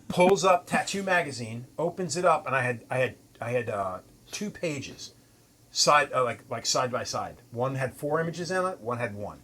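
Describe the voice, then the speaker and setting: A middle-aged man hosting a casual chat, telling stories in a profane, animated way and acting out what people said. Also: medium pitch, a little hiss or hum, rough recording. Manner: profane, animated storyteller acting out quoted lines. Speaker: host, tattoo artist.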